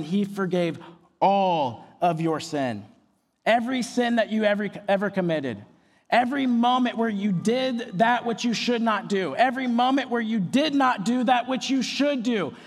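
A man's voice: sits high, normal speed. A young man preaching a sermon as pastor, earnest and emphatic, with phrases repeated for weight. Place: large auditorium. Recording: long hall reverb.

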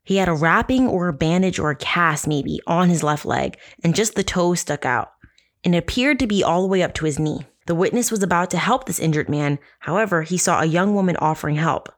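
A woman's voice: fairly low pitch, a little fast. A woman hosting a casual true crime podcast, telling the story with sarcastic, profane asides. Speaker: podcast host.

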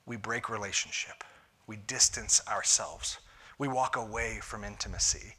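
A man preaching a conversational sermon as a pastor, moving between punchy lines and hushed asides. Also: medium pitch, breathy edge. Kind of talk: sermon on marriage.

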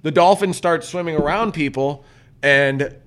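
A man's voice: fairly high pitch, unhurried. A man hosting a casual podcast, telling a story with lots of swearing and acted-out quotes. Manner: profane, animated storyteller acting out quotes. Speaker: podcast host.

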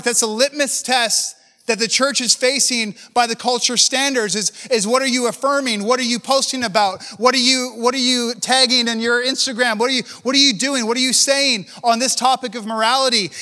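A man preaching with fervor, his voice high and bright with an edge to it. He talks to leaders in a loose, conversational way and keeps firing rhetorical questions. The sound rings out with long reverb like a large hall. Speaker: pastor.

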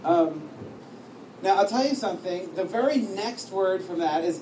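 A man with a high voice preaches a lively sermon, telling his story with humor and acting out the lines of others. He sounds far from the mic in an echoing hall, with clear noise underneath. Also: moderate pace. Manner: storytelling with humor, acts out dialogue. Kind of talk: sermon teaching. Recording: echoey room, distant mic, noisy.

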